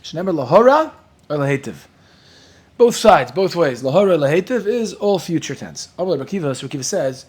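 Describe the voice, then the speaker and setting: A man whose first language is Yiddish, teaching a Talmud class in a lively, joking way. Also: on the high side, quick pace, husky. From Williamsburg, Brooklyn. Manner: lively, joking, mixes Hebrew and Yiddish terms into English.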